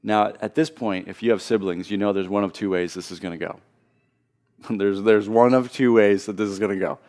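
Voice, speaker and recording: A man preaching a sermon as pastor, earnest, often repeating and restarting phrases as he builds to loud emphasis. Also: fairly low pitch, fairly even intonation, brisk.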